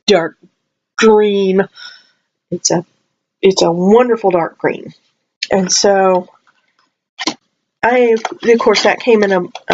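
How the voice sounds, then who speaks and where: A woman's voice: mid-range voice, lo-fi sound. A woman rambling casually through a haul video at home, chatty and full of asides and restarts, maybe fighting a cold. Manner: playful voices when quoting herself. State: possible cold. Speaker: vlogger.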